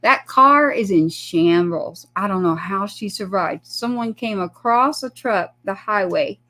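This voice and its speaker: A woman's voice: medium pitch, unhurried. A woman, a guest on a talk show, telling a personal story in casual chat and acting out the voices of the people in it. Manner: animated, acts out quoted dialogue.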